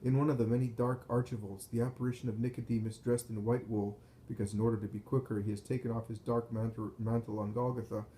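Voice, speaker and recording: Solemn male narrator, mellow voice. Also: mid-range voice, slight background noise, poor audio. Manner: measured, solemn reading. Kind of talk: scripted first-person narration of a visionary text.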